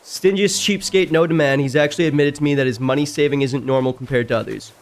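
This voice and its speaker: A man with a slightly high-pitched voice reads online stories aloud as a streamer, breaking off to react in a casual, chatty way. His reactions jump suddenly louder and higher. Faint game music plays behind him. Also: steady tone, fast talker.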